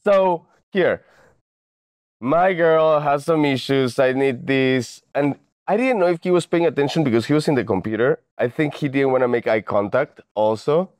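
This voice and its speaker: A man co-hosting a podcast, telling an embarrassing story in a relaxed, amused way. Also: mid-range voice, moderate pace, no echo, clean studio sound. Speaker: podcast co-host.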